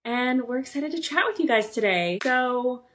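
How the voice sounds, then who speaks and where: A woman's voice: high-pitched, expressive, normal speed, a bit bright, slight background noise. Upbeat woman podcast co-host. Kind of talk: casual chat.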